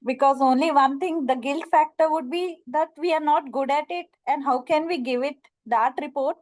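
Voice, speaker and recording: A woman's voice: sits high, moderate pace, darkish tone, low-quality recording. A woman taking part in a workshop, asking a question and answering with brief, agreeable replies. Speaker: workshop participant.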